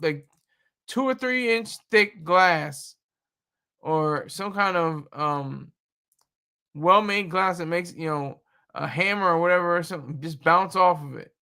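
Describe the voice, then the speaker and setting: Guy on a livestream riffing on the news, kinda gravelly, jokey and rambly. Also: on the high side, unhurried. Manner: animated, joking, rambling with fillers. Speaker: livestream host reacting to news. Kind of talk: casual livestream commentary.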